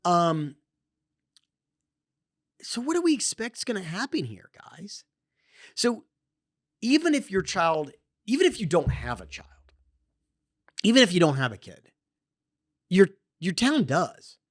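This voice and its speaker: A podcast host delivers a heated, opinionated monologue. The pitch swings all over the place, lively and animated. Sentences keep restarting and stumbling over repeated words as the passion builds. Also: unhurried, pauses often. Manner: impassioned, gets worked up, many restarts and repeated words.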